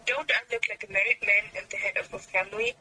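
A woman's voice: medium pitch, steady tone, quick pace, bright, forceful tone, husky, rough recording. A woman reading aloud as Laurie, a cheerful, playful young man, pleading cheerfully.

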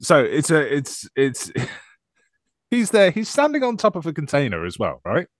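Animated man riffing on films. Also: fairly high pitch, measured pace, no room sound, clean studio sound. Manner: loose, laughing, sarcastic film banter. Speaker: podcast co-host. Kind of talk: casual chat.

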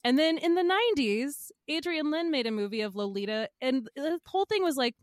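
A woman's voice: high-pitched, a little fast, no echo, clean studio sound. A young woman co-hosting a podcast, giggling often and acting out quotes as she talks. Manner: giggly, animated, quotes people. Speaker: podcast co-host. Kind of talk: casual film chat.

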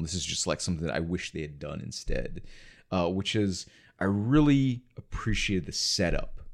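A man with a very deep, low-pitched voice talks films in a relaxed chat. He hesitates, restarts and fills his sentences with "like" and "you know". When he gets going he turns blunt and swears freely. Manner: hesitant, many fillers and restarts; profane, blunt. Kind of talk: casual film discussion.

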